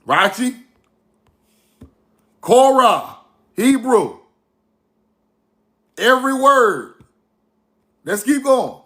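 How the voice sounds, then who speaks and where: Man, high voice, slow, emphatic, repetitive, casual commentary. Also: big pitch swings, sharp tone. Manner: emphatic, repetitive, asks viewers rhetorical questions. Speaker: online history commentator. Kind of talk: casual video commentary to viewers.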